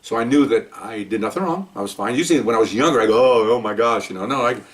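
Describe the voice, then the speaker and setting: An older man, a retired police officer, tells casual first-person stories in a mid-range voice, fast and animated. He's chatty and joking, tossing in frequent "okay?" asides, and sits far from the mic.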